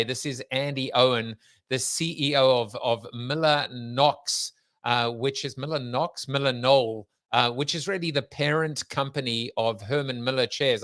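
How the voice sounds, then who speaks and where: A man with a South African accent hosting a show, opening with an energetic, rambling, joking introduction full of fillers. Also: medium pitch, no room sound. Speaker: podcast host.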